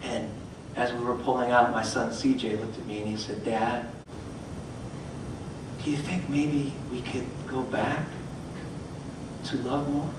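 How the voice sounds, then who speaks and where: A man's voice: medium pitch, unhurried, long pauses, heavy background noise. A middle-aged man, a motivational speaker, telling a story on stage and acting out the voices of the people in it. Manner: animated, acts out voices in his stories. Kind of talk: storytelling talk. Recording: echoey hall, mic from far off.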